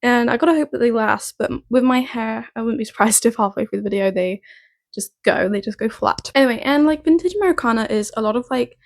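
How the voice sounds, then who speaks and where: A young woman chatting casually through a hair tutorial, upbeat and full of fillers, her voice still rough from just waking up. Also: on the high side, fast, few pauses. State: morning voice, just woken.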